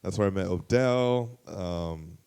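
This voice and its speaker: A man spinning a casual anecdote, loose and profane. He keeps the story moving with fillers and asides. When he acts out what others said, his voice leaps up in pitch and volume. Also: takes it slowly, clear, resonant tone. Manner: animated, profane, jumps to high loud pitch when quoting others. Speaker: guest storyteller.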